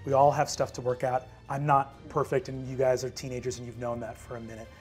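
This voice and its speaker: A man voicing a rough but caring adult woman ranger who talks earnestly, swears freely and hurries through apologies. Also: medium pitch, level tone, fast, darkish tone, faint music behind, pitched below the performer's own voice, close to an everyday voice. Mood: rallying.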